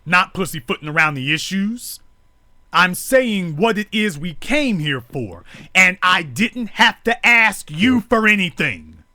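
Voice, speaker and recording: Streamed live, this fiery monologue comes from a man whose high, bright voice swings widely in pitch as he drives each point home through repetitive, preachy build-ups. He speaks a little slowly, and the sound is close and dry with no room sound.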